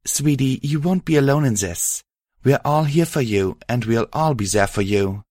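A man voicing a gentle, caring mare. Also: medium pitch, animated, moderate pace, dry recording, clean studio sound, voice pushed up, lightly acted. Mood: reassuring. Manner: soft, reassuring. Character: gentle caring female pony, a loving partner.

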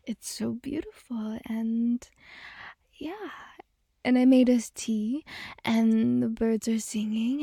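A young woman in a whispered role-play as a girlfriend, talking softly with playful giggles. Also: fairly high pitch, takes it slowly, gravelly, slightly rough, no room sound, studio quality.

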